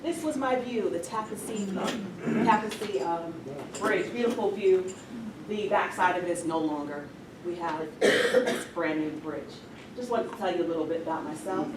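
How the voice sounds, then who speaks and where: A woman's voice: on the low side, moderate pace. A woman from New York giving a friendly, chatty guest talk with slides at a meeting. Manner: friendly, self-deprecating, chatty. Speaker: guest speaker. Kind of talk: presentation with slides. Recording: echoey room, distant mic, noisy.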